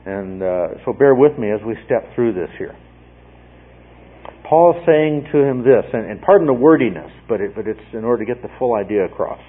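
A man teaching through scripture to a congregation, emphatic and repetitive, checking in with "okay?" after each point. His voice is a little husky and sits at a middle pitch. The recording is narrow and tinny, like an old radio broadcast heard over a phone line. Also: animated, normal speed. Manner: emphatic, repeats phrases, frequent "okay?" check-ins. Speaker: Bible teacher. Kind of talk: verse-by-verse Bible teaching.

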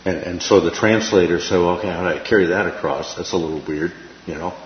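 A man's voice: low voice, quick pace, slight background noise. A man leading an informal Bible class, talking conversationally, repeating phrases and checking in with "right?". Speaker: Bible study teacher. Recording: echoey room, dull lo-fi sound.

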